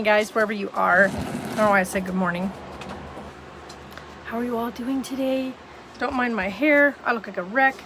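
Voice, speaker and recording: A woman's voice: on the high side, a bit bright, a little hiss or hum, rough recording. A tired, yawning woman vlogging casually from home, rambling with lots of ums. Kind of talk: casual vlog chat.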